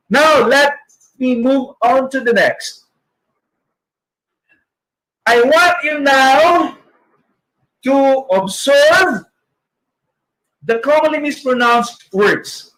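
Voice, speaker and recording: A man's voice: very high voice, animated, very slow, pauses often, fairly bright tone, poor audio. A man with a Filipino accent leading a literacy training session, modeling sounds with exaggerated articulation and a playful, joking manner. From Philippines. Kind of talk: online training lecture.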